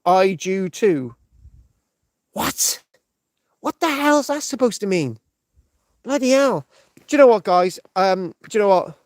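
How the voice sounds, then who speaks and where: A man's voice: sits high, clear, resonant tone, no echo, studio quality. A man from the United Kingdom hosting a rambling live stream, swearing heavily and checking in with "right?" all the time. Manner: rambling, heavy swearing, frequent restarts and "right?". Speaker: livestream host.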